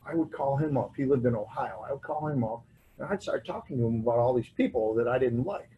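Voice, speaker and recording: A man's voice: mid-range voice, expressive, fast talker, muffled recording, slight background noise. A man speaking at a recovery convention, sharing his personal story in a loose, self-mocking way. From United States. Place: convention hall.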